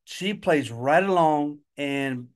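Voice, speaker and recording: A man recounts a family story at an unhurried pace. His voice sits a little high for a man, and his delivery is measured and dry. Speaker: podcast co-host, father. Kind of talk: casual storytelling chat.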